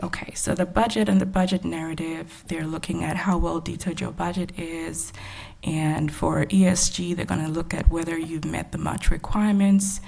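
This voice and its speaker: Young Texan woman, city grants presenter: measured and soft-spoken, low pitch, husky fry. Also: steady tone. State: short of breath. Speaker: grants evaluation staff presenter. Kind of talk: presenting at a public workshop.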